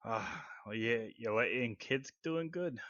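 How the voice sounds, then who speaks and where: A man voicing a friendly, jovial middle-aged father in a tabletop game, hearty and quick to laugh. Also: medium pitch, a bit bright, dry recording, dull audio, close to an everyday voice. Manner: hearty, laughing, calls people mate and lad.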